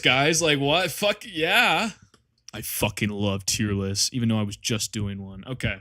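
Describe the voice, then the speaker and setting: A young man chatting on a live stream, excitable and rambling, swearing often while he sorts a tier list. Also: medium pitch, unhurried. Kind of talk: casual live-stream chat.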